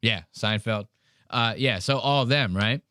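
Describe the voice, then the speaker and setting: A man's voice: mid-range voice, a little slow, pushed and bright, dry recording. Podcast host reacting to a clip: a blunt, mocking man with a mid-range voice, recorded close-miked and dry.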